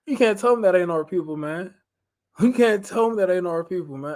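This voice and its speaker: A man, leading an informal Bible study, animated and repeating phrases for emphasis. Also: high-pitched, normal speed. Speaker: Bible teacher.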